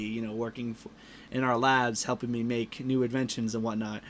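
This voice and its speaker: A man's voice: mid-range voice, level tone, a little fast, a little hiss or hum. A man hosting a podcast, casually retelling a movie plot with lots of fillers and restarts. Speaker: podcast host. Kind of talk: casual movie review chat.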